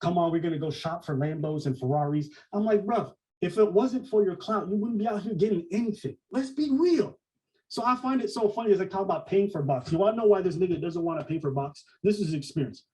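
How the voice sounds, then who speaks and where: A man with a high, quick voice tears into his rivals in a mocking, profane podcast rant. He rattles off his points fast and stays set back from the microphone, so the sound is a little distant. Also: darkish tone. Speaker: podcast co-host.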